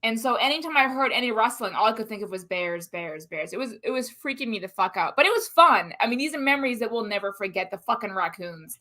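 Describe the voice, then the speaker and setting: A woman co-hosting a casual live-stream chat, telling a story in an animated, profane way. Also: a little high, fast, few pauses. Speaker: co-host. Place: Central Florida.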